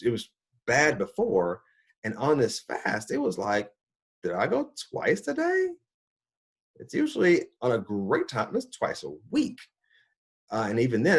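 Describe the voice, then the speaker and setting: A middle-aged man recounting his personal health journey as a doctor. His voice sits on the low side and swings widely when he acts out his own surprise, loosely and conversationally. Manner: animated, acts out his own reactions with big pitch jumps. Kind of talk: personal storytelling talk.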